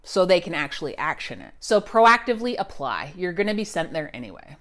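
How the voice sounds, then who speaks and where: A woman's voice: mid-range voice, a bit bright. A woman who writes resumes and coaches job seekers, giving a scripted video lesson in an upbeat, emphatic, punchy way.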